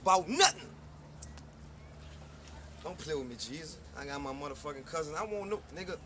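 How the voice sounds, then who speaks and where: A man's voice: on the high side, expressive, fast. A man with a New Orleans accent, a rapper, giving an unscripted, profane and boastful rant to the camera on a neighborhood street. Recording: loud street noise with passing cars.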